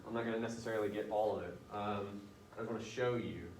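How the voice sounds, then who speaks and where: A man with a fairly low, slightly mellow voice and fairly even intonation speaks fast as he casually edits a student's paper aloud for his writing class. The sound comes from a distance in a roomy classroom, with slight background noise.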